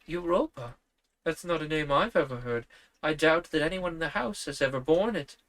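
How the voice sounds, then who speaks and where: A man voicing a courteous young man who explains things with calm, slightly superior politeness in a storybook reading. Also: on the high side, normal speed. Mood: politely explaining.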